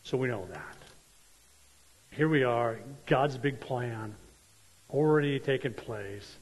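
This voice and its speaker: A man's voice: mid-range voice, slow, slightly rough. A male preacher delivering a sermon emphatically and repeating key points for stress. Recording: long church-hall reverb.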